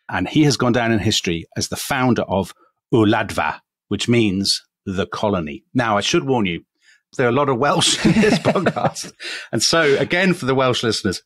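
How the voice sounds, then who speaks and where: A man's voice: mid-range voice, fairly bright tone, no room sound. An English man co-hosting a history podcast, telling a story in a chatty, self-deprecating way with many asides. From England. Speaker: podcast co-host.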